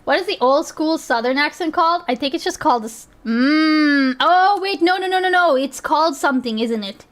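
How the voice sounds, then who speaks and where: A woman streamer with a high voice chats loosely while reacting to clips. She thinks out loud and swears freely in casual live-stream talk. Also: lively intonation, a little fast, hardly any pauses. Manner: chatty and profane, thinking aloud.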